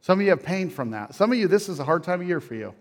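A man's voice: very animated, racing, vocal fry. Impassioned man preaching a sermon. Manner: swings from quiet lows to loud emphatic peaks. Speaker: pastor.

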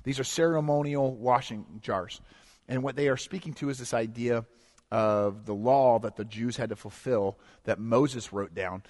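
A man preaching a sermon as pastor, swinging from hushed to loud and emphatic and acting out quotes. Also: medium pitch, normal speed. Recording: long echo of a large hall.

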